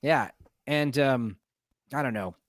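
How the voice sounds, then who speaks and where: A man hosts a relaxed movie discussion, rambling through scenes with a lot of laughter. His voice sits at an ordinary middle pitch. The sound is dry, with no room echo. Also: slow pace. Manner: rambling, laughs often while retelling scenes. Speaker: stream host.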